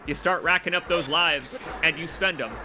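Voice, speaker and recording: A young man streaming a game, rambling and joking with his chat, his voice a little hoarse from long talking. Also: fairly high pitch, moderate pace, background noise. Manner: rambling, joking, self-deprecating asides to chat. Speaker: let's play streamer. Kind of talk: casual gameplay commentary.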